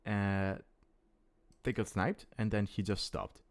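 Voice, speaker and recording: Low-voiced caster. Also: male voice, little pitch movement, slow. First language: Italian. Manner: thinking aloud, restarting words mid-phrase. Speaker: esports caster. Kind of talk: live strategy game commentary.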